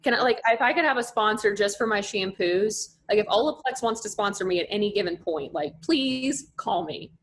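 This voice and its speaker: A young adult woman at a middle pitch, talking as a podcast guest. She rambles happily through her stories and scatters "like" through her sentences. Her tone is easygoing and conversational. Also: a little fast, few pauses, slight background noise. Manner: chatty, storytelling, lots of "like" fillers. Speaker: podcast guest, pageant contestant. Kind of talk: casual podcast chat.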